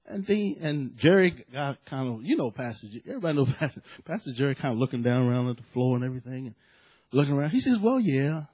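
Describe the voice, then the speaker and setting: A man preaching a sermon, telling a family story in a chatty, animated way with asides before reading and explaining scripture. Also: medium pitch, fast talker, breathy edge, lo-fi sound. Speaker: pastor.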